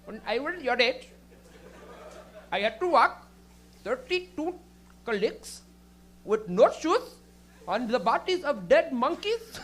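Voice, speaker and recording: A man's voice: extremely high pitch, very animated, takes it slowly, long pauses, fairly bright tone, full character voice. A man doing a scolding old grandmother. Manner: scolding, exaggerated storytelling. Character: stern old grandmother lecturing about hardship.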